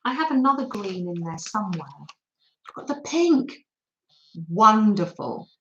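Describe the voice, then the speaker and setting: A woman hosting a craft livestream from her dining room table, chatting warmly and reading out names from the chat. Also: medium pitch, big pitch swings, measured pace, reverberant, muffled recording, a little hiss or hum. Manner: chatty, affectionate, reads chat names aloud.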